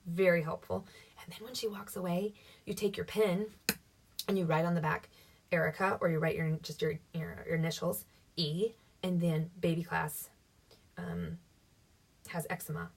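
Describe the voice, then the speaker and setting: A woman's voice: fairly low pitch, flat delivery, normal speed, vocal fry, pauses often, a little hiss or hum. A woman coaching her sales team in a casual, upbeat teaching talk, often acting out what to say to customers. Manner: chatty, upbeat, acts out sample dialogue. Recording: voice somewhat distant from the mic.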